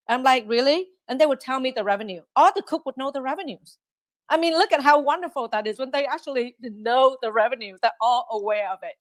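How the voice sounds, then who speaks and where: Woman, restaurant owner, podcast guest, animated, higher voice, dry close sound. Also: dry recording. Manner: animated, quotes herself and staff in lively asides. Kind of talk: podcast interview.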